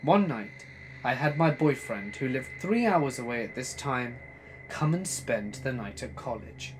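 A man reading a scary true story as a narrator, dramatic, swinging between loud bursts and hushed asides. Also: medium pitch, expressive, unhurried, faint music behind. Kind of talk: scripted horror story narration.

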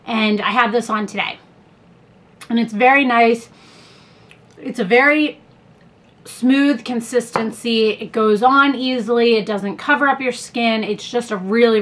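A woman with a somewhat high voice records a casual beauty haul at home, talking close to her camera. She rambles chattily through the products, with plenty of fillers and little asides. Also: fairly bright tone. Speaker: beauty vlogger.

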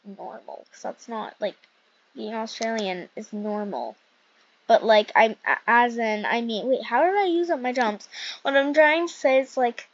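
High-voiced chatty young woman gamer. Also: dry recording, lo-fi sound. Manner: chatty, rambling, excitable with frequent fillers. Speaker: gaming youtuber. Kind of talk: casual gameplay commentary.

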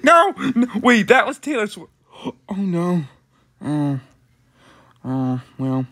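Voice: mid-range voice, sing-song, slow pace, a crowd in the background. A reaction video creator giving casual, giggly commentary, often exclaiming and apologizing.

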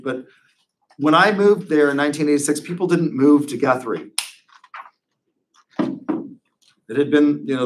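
A man's voice: medium pitch, fairly bright tone. Wry man lecturing a class. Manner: conversational, digressive, wry asides. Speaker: professor.

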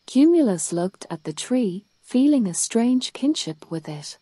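Slow, soothing woman reading a bedtime story. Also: a little high, slightly rough, no room sound. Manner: calm, soothing. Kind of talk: bedtime story read-aloud.

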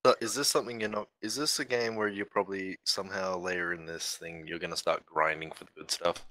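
A man's voice: low-pitched, steady tone, brisk, pushed and bright, low-quality recording. A man chatting with friends during a game, joking around and asking questions. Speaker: gamer friend. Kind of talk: casual gaming chat.

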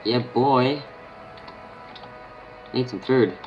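Lowish-voiced Australian man rambling over gameplay. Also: normal speed, long pauses, faint music behind. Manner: rambling, thinks aloud, mutters half-finished sentences to himself. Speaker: gaming channel host. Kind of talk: casual gameplay commentary.

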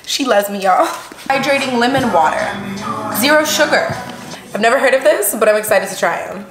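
A bubbly young woman chats to her audience while she unboxes presents at home. Her somewhat high voice leaps around with excitement, full of gasps and friendly asides. The room is roomy and echoey, with clear noise underneath. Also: normal speed. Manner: excitable, gasping, chatty, addresses viewers as y'all. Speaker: vlogger. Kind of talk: casual unboxing vlog.

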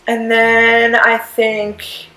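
A woman vlogger casually reviewing a concert, gushing and excitable, full of fillers and the odd swear. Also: fairly high pitch, very slow, roomy sound, poor audio.

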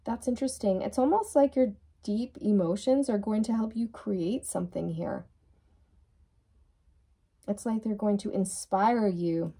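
A woman's voice: mid-range voice, measured pace, mellow, slightly rough. A woman giving a channeled tarot reading who speaks reassuringly and repeats words for emphasis. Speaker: tarot reader.

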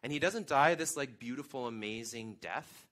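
A man's voice: medium pitch, animated, normal speed, fairly bright tone. A man in his thirties, a guest pastor, preaching a sermon in a conversational way with emphatic questions.

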